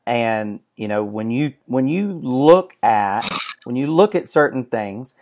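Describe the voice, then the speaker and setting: A man co-hosting a casual talk show, speaking earnestly and haltingly, often restarting his sentences. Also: medium pitch, lively intonation, a little mellow. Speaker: co-host. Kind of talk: casual chat.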